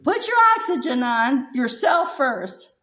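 An older woman preaches with a notably high voice, telling a personal testimony with feeling. She laughs often as she speaks and turns tearful in places, in an earnest church-sermon manner. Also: very animated, a little slow, a bit bright, slight background noise, rough recording. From United States.

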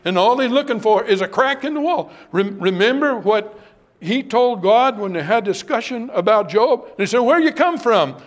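High-voiced man preaching a dramatic sermon. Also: normal speed. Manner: impassioned, dramatic preaching that drops to hushed tones.

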